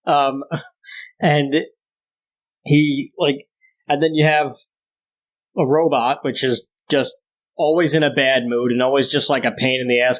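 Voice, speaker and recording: A young man co-hosting a podcast in casual chat, ranting with exaggerated disdain and climbing higher as he gets worked up. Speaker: podcast co-host.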